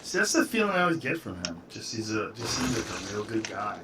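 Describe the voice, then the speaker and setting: A man's voice: lowish voice, sing-song, fairly quick, far from the mic, noisy background. A man hosting a casual podcast chat, talking loosely and rambling with lots of "like". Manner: loose, rambling, says "like" often.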